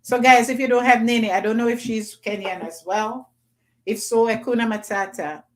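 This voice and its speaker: A woman's voice: a little high, steady tone, moderate pace. Woman, livestream host, loose chatty delivery, reads chat aloud. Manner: chatty, reads comments aloud, playful patois bits. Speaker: livestream host reading viewer comments.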